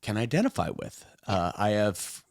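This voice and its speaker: A man's voice: on the low side, sing-song, moderate pace, vocal fry. A man hosting a casual interview show, cracking jokes and asking pointed questions. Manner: wisecracking, asks pointed questions. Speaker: talk show host.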